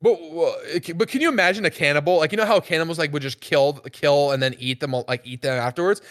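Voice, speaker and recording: Teasing young man, higher pitched. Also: fast, a bit bright. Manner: rambling, teasing, crude banter. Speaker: podcast co-host. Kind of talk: casual chat.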